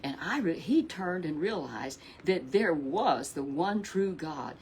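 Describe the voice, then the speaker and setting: A woman's voice: sits low, animated, slow, a little mellow, a little hiss or hum. Folksy woman telling a Bible story. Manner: chatty and repetitive, with asides to a puppet. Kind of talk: folksy children's story narration.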